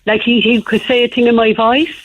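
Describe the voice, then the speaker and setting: A woman's voice: a little high, little pitch movement, a little fast. A woman, calling in to a radio show and telling a rambling, chatty story. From Ireland. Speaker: caller. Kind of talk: phone-in radio chat. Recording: muffled phone-in line.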